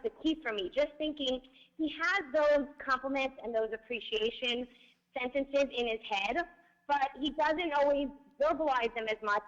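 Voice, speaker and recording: A woman's voice: high-pitched, fairly bright tone, muffled recording. A woman guest in casual chat, earnestly talking through her own experience.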